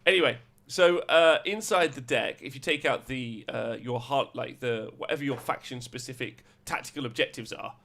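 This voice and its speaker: Male host, gravelly, laid-back, quick to laugh. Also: mid-range voice, a bit bright. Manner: laughs often, jokey, reads rules aloud. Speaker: podcast host. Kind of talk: casual chat about wargaming rules.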